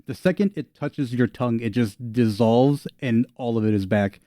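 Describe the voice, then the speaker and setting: A man's voice: mid-range voice, moderate pace, warm tone, no room sound, studio quality. A man narrating as game master in a playful, laughing way.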